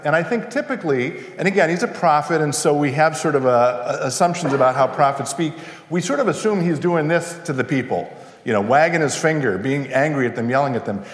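A man preaches to his congregation in a relaxed, conversational way, breaking off for asides and questions. His voice sits a little on the high side. The sound carries the long echo of a church sanctuary. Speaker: pastor. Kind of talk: conversational sermon. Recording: echoey church with long reverb.

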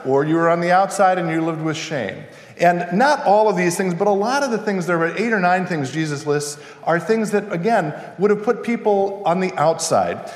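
Male pastor preaching in an echoey church. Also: high voice. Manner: relaxed, chatty preaching with asides and questions to the congregation. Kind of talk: conversational sermon. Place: church sanctuary. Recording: echoey church with long reverb.

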